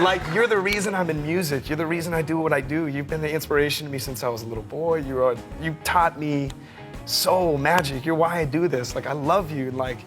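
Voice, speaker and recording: Man, animated storyteller, halting, laughing, higher voice, music bed. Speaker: musician guest.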